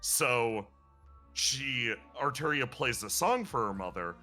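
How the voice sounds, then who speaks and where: A streamer with a mid-range voice speaks slowly over faint background music, casually recapping a game's story. He retells it animatedly, laughing now and then and breaking into playful character voices.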